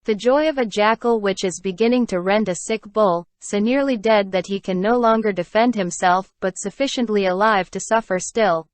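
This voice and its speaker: A woman narrating an audiobook of a classic novel with steady, unhurried reading. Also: medium pitch, dry recording. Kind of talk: scripted narration.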